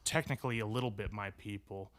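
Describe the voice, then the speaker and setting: A man's voice: fairly low pitch, fast talker, fairly bright tone. A young man co-hosting a casual podcast, rambling through stories with frequent laughter and swearing. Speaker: podcast co-host.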